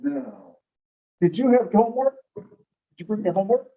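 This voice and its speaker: A man teaching a classroom lecture on English sounds, relaxed and explanatory, slowing down to demonstrate words. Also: sits high. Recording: dull lo-fi classroom recording.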